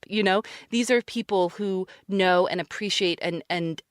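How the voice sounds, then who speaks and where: Woman telling a lively studio anecdote. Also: mid-range voice, a little slow, smooth, no room sound. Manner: animated, self-mocking storytelling. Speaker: podcast host.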